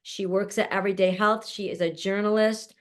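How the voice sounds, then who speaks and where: An effusive woman hosts an online panel from her home. She runs through each guest's credentials in a chatty, rambling way. Her voice sits at a middle pitch, and she laughs easily. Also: steady tone, brisk. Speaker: show host introducing a panel. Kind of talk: casual online introduction. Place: at home, mother nearby.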